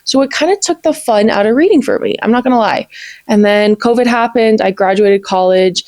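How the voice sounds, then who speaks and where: A woman's voice: mid-range voice, moderate pace, darkish tone, no room sound. A woman, chatting eagerly to camera as a book vlogger, gushing and peppered with "like". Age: 20s. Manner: bubbly and gushing, many "like"s. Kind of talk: casual chat to camera.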